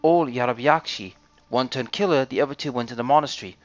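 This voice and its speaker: A man's voice: mid-range voice, fast talker. Man muttering through gameplay commentary. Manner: muttering to himself while exploring. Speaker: let's play host. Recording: dull lo-fi recording.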